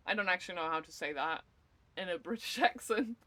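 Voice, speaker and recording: A woman's voice: lowish voice, lively intonation, brisk, pushed and bright. A woman streaming a video game, talking casually with lots of profanity and jokes. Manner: profane, joking, blunt. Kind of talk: casual livestream gaming commentary.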